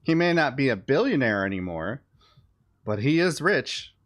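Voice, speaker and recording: A man's voice: mid-range voice, very animated, moderate pace. A man who streams live, giving casual political commentary in a blunt, sarcastic way and swearing offhandedly.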